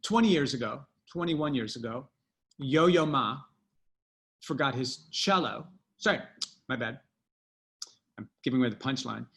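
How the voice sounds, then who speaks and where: A man's voice: mid-range voice, lively intonation, creaky, fairly bright tone. Emphatic man telling a story. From United States. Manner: emphatic, drawn-out, many restarts. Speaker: podcast guest, author. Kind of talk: storytelling interview answer.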